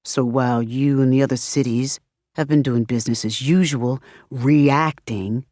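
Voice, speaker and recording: A woman's voice: very deep voice, fairly even intonation, unhurried, warm tone, no echo, pitched below the performer's own voice. Female narrator plays a blunt, dry-witted woman in an audiobook. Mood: wry.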